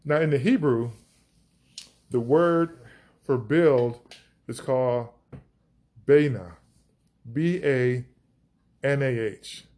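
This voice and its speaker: A man's voice: medium pitch, slow pace, long pauses, a little mellow. A man teaching scripture on a podcast, enthusiastic, stretching out key words for emphasis. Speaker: preacher.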